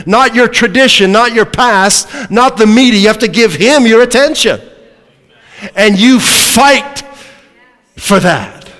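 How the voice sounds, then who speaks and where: A male preacher with a high-pitched voice delivers an emphatic sermon, pressing points home and asking the congregation questions. His voice rings out with a long reverb, as if from a church sanctuary. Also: fairly bright tone.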